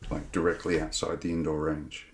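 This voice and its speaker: Deep-voiced calm man, echoey room. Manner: calm, measured, brief. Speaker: archery range owner, guest. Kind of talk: casual chat. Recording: roomy echo.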